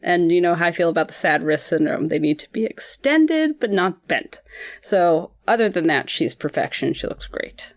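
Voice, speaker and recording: A woman's voice: animated, moderate pace, dry recording, clean studio sound. Giggly, opinionated woman co-host. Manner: opinionated, giggly, drops low for asides. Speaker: podcast co-host. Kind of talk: casual chat.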